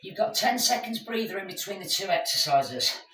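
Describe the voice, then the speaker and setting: A woman's voice: mid-range voice, big pitch swings, normal speed, bright, forceful tone, faint music behind. A woman leading a live workout class, chatty and encouraging as she calls out exercises to her group. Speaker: fitness instructor. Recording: echoey room, mic at a distance.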